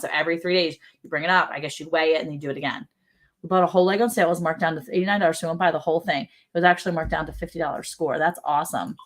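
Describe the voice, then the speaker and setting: A woman with a fairly low voice hosts a relaxed livestream from a ranch. She chats easily, reads viewer comments aloud and laughs often. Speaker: livestream host. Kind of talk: casual livestream chat. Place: ranch home.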